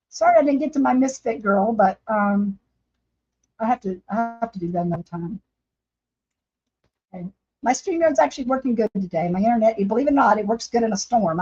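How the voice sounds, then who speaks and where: This woman's voice sits at medium pitch, a little mellow and slightly rough. She paints on a casual home craft livestream, chatting and laughing with those watching, recorded in dull lo-fi stream audio.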